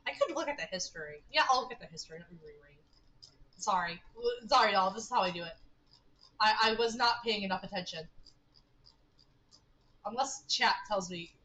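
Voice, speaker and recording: A woman streaming a text game, reading its narration aloud and chatting excitably with her viewers. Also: mid-range voice, a little fast, long pauses, rough recording. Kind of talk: casual live-stream gameplay with narration read aloud.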